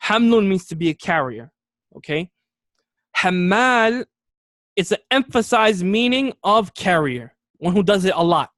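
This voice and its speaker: A man teaching a classroom lesson on Arabic words, speaking in a somewhat high voice. He moves step by step, says important terms slowly and repeats them, and keeps asking "okay?" to check that his students follow. The recording is dry, close and free of room echo. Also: lively intonation, a bit bright.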